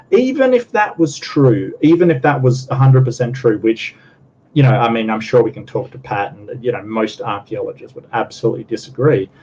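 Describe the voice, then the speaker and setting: A man's voice: mid-range voice, darkish tone. A man in a casual panel debate argues his point with emphasis, stumbling through repeated words as he builds up his argument. His voice sits in a middling range. It comes through dull, lo-fi audio with a faint hiss. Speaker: panelist on a skeptic discussion show.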